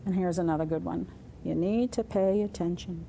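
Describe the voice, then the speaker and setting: A woman with a slightly low voice leads a classroom lesson, calmly walking her students through each sign step by step. Her tone is patient and demonstrative. A faint room hum sits behind her voice. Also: normal speed, creaky. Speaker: sign language teacher. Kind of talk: classroom instruction. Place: community center classroom.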